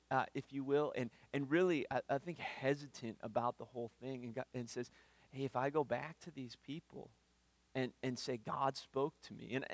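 A man's voice: medium pitch, no echo. Earnest man preaching, dry close sound. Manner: earnest, repeats words when starting phrases. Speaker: pastor. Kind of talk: sermon. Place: church.

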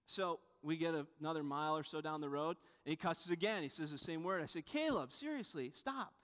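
A man with a high voice delivers a sermon, chatting and telling stories as he goes. He often breaks off and restarts his sentences, adding asides along the way. His voice carries a long reverb, as if filling a church hall. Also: little pitch movement, fast, a bit bright, clean tone. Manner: conversational, with frequent restarts and asides. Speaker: pastor. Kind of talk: sermon with storytelling.

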